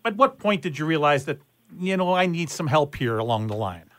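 Casting: male interview host, fairly high voice, measured and deliberate. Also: sing-song, fairly bright tone. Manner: measured, sets up questions with background facts. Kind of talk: podcast interview.

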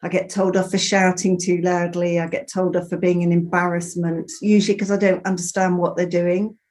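Lady vicar, middle-aged, lower voice, laughs at herself a lot. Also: little pitch movement, fairly quick, a little mellow. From Bristol, England. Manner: self-deprecating, laughs easily. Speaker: vicar, guest. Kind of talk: casual interview chat.

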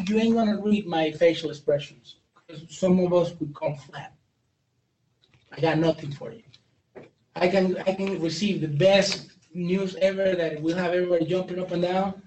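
Man, high-pitched, candid trainer who jokes and restarts often; distant mic, roomy hall, faint noise. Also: normal speed, a little mellow. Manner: candid, jokey, many restarts and stumbles. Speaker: speaker training police on brain injury. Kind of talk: training talk to a live audience.

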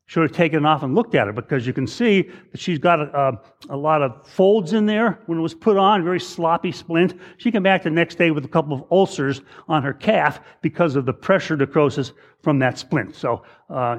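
A man's voice: a little high, fairly quick. A middle-aged man, an emergency doctor, giving a casual case-based lecture, with frequent restarts, who acts out his patients' lines in a raised voice. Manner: conversational, repeats words, acts out patients in raised voice.

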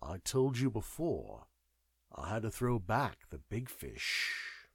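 A man voicing a detached, knowing man who speaks in a measured, wry way. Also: lowish voice, wildly swooping pitch, fairly bright tone, breathy edge, no echo, clean studio sound, heavily acted. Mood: wry, weary. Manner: measured, wry, world-weary.

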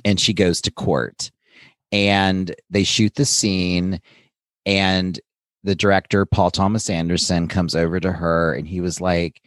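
Deep-voiced man, chatty podcast co-host. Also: level tone, unhurried, fairly bright tone, dry recording. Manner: chatty, laughs often, enthusiastic storytelling. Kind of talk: casual chat.

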